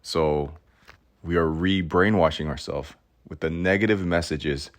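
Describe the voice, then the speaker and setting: Deep-voiced man hosting a podcast. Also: a little slow. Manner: earnest and self-questioning, with wry asides and restarts. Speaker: podcast host. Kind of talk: reflective podcast monologue.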